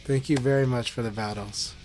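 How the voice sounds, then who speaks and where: A man's voice: mid-range voice, steady tone, a little fast, a little mellow, soft background music. A man live-streaming a fighting game, chatting casually and encouragingly with viewers.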